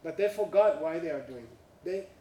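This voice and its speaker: A man's voice: a little high, lively intonation, normal speed, warm tone, a little hiss or hum. Man telling a story from across a room. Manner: chuckles through punchlines, with frequent "you know" and "uh"; non-native English phrasing. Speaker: speaker telling a story to an audience. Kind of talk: anecdotal storytelling talk. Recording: roomy, from a distance.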